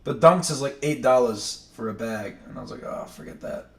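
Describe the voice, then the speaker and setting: A man from Maine hosts his morning livestream, wandering from thought to thought and correcting himself as he goes. His voice sits at an ordinary middle pitch. It carries the echo of a roomy space and sounds a little far from the microphone. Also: a little fast. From New England, Maine. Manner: rambling, chatty, self-correcting. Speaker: livestream host. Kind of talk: casual chat. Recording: echoey room, distant mic.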